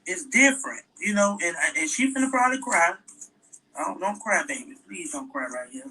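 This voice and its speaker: A man's voice: high-pitched, expressive, fairly quick, creaky, sharp tone, recorded from a distance, exaggerated voice, low-quality recording. A man playing a fussy middle-aged single mom who rambles on to her viewers while doing her daughter's hair in a comedy skit. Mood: chatty. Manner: rambling, chatty, talks to viewers.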